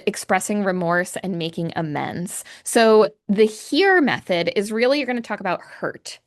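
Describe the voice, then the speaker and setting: A woman hosting an educational podcast as a creative arts therapist, explaining ideas step by step in an earnest way and often restarting or correcting herself as she thinks aloud. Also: mid-range voice. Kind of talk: solo educational podcast talk.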